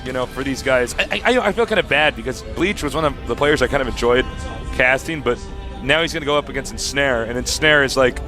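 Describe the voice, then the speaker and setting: A man casting a live video game match with excitable, laugh-prone commentary. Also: mid-range voice, brisk, over music. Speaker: esports caster.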